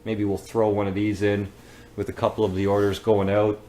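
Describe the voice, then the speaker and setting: Male vlog host, low voice, easygoing rambling chat. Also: monotone, fairly quick, mellow, slight background noise, low-quality recording. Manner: rambling, tags lines with "eh?" and "right?". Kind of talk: casual on-camera chat.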